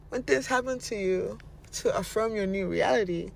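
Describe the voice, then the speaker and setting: A woman's voice: a little high, lively intonation, moderate pace, creaky, slight background noise. A woman giving casual motivational advice, playful and laughing often, slipping into mocking voices and casual swearing. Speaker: vlogger giving manifestation advice.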